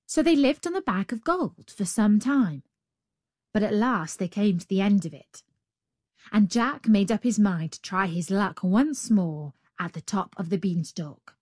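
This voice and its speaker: A woman reading a fairy tale aloud at an unhurried, rhythmic pace. She builds her repeated phrases step by step, and her voice sits mid-pitched and close, with a dry sound and no room around it. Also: animated, darkish tone, no echo. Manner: slow, rhythmic, building repetitions. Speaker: storyteller.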